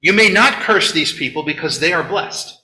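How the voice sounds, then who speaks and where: God speaks with firm, commanding words , as a man puts Him on. The voice is high and bright and gives its orders calmly. A large room's echo surrounds it. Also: moderate pace. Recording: echoey room.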